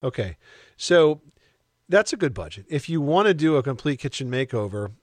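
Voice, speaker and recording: A man's voice: mid-range voice, sing-song, normal speed, no echo. A man hosting a home-improvement call-in radio show, giving confident, matter-of-fact advice.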